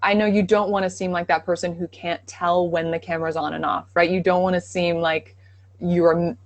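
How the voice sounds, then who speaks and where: Female guest coach, lower voice, dry and close, lively storytelling. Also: no room sound. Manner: animated storyteller, enthusiastic. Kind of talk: live-stream Q&A.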